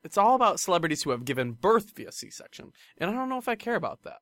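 Giggly podcast host with a lively voice. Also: medium pitch, fast, no room sound. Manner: giggly, rambling storyteller. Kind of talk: casual chat.

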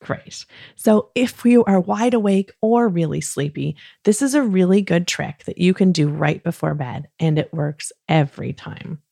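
A woman hosting a children's podcast, talking gently and soothingly at bedtime, coaxing listeners along with playful pretend yawns. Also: on the low side, gravelly, no room sound, clean studio sound. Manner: soft, soothing and encouraging, with playful drawn-out yawns. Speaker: kids podcast host.

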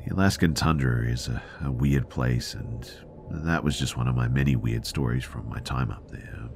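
A man narrating a scripted horror story for a podcast in a measured way, sometimes dropping to a hushed near-whisper. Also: extremely low pitch, gravelly, noisy background.

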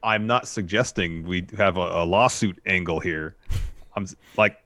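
A man's voice: low-pitched, moderate pace, bright, forceful tone, dry recording. A man co-hosting a podcast, recapping wrestling in a laid-back way with dry humor. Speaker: podcast co-host. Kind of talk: casual wrestling recap chat.

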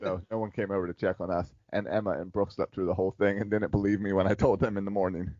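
A man's voice: deep voice, little pitch movement, quick pace, a little mellow, no room sound, highs cut off. A man co-hosting a casual podcast chat, telling a long story with frequent laughs and filler words. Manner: rambling storyteller, laughs often. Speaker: podcast co-host.

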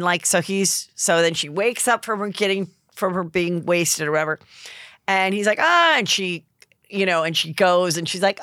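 A woman hosting a podcast, telling a story in a lively, casual way and acting out the lines of a movie's characters. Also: lowish voice, no room sound, clean studio sound. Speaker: podcast host. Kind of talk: casual chat.

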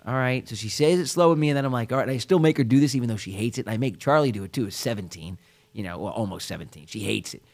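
A man's voice: medium pitch, rapid-fire. A man in his forties co-hosting a podcast, telling family stories animatedly and acting out voices. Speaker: podcast co-host. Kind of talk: casual chat.

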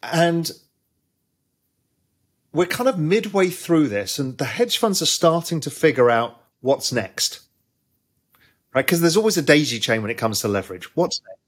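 A man, a former trader, telling a long anecdote in an interview with quick asides. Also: fairly high pitch, very animated, husky. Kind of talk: storytelling interview.

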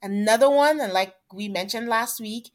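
This is a woman co-hosting a casual podcast, recapping a reality dating show. Her voice sits a little on the high side, and she tells the story in a chatty, animated way, jumping into quoted asides as she goes. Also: normal speed. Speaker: podcast co-host.

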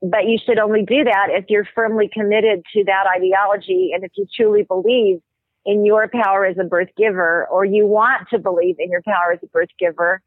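A woman's voice: mid-range voice, steady tone, a little fast, dry recording. Earnest woman on a tinny line. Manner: earnest, explaining at length with occasional ums. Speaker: medical anthropologist guest. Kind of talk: explanatory interview talk. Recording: tinny phone-like line, dry.

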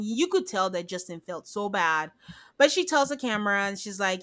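A woman's voice: medium pitch, expressive, moderate pace, fairly bright tone. A woman chatting casually as a podcast co-host, animatedly retelling scenes and acting out the quotes. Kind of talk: casual recap chat.

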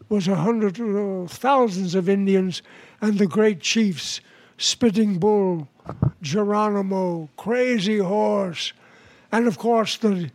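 A man in his nineties, an interview guest at home, telling jokes in a relaxed way. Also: high voice, no room sound. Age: 90s. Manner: relaxed storyteller, laughs at his own punchlines.

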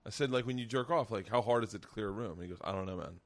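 A middle-aged man hosts a podcast, firing off a profane story in casual chat with a lowish voice. He talks rapidly and acts out the quotes as he goes.

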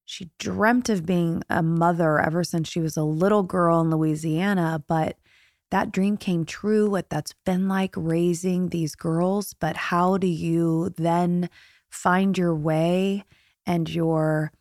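A woman's voice: fairly low pitch, a little mellow, dry recording, clean studio sound. A woman hosting a podcast, talking in a chatty, gushing way with lots of "like" and "you know". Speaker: podcast host. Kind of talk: casual interview chat.

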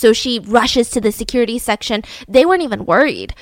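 Animated woman retelling a true story. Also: on the high side, brisk, dry recording, clean studio sound. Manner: animated, builds suspense, frequent "right?" asides. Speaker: podcast host telling a true story. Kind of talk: casual storytelling.

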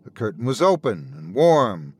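A man narrating a scripted horror story with a dramatic, expressive delivery. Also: fairly low pitch, normal speed, breathy edge.

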